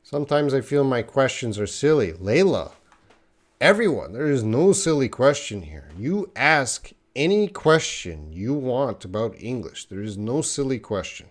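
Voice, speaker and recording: A man's voice: medium pitch, big pitch swings, a little slow. A man teaching a live English lesson, chatting with viewers and answering their questions with playful teasing.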